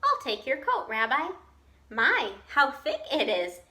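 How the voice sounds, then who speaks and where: A woman's voice: high voice, huge pitch swings, a little slow, pushed and bright, reverberant, exaggerated voice. A woman voicing a kindly, chatty old grandmother with failing eyes, fussing over her guest in a storybook read-aloud. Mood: welcoming. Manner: cheerful, chatty, fussing hostess.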